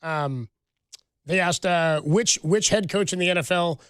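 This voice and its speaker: A man co-hosting a sports radio show, telling stories in an animated, casual way with lots of restarts. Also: high-pitched, unhurried, smooth, no echo, clean studio sound.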